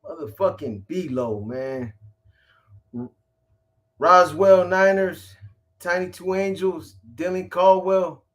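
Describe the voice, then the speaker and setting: A man's voice: sits high, takes it slowly, long pauses. A middle-aged man hosting a casual live stream, rambling and profane, greeting viewers by name in street slang. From California.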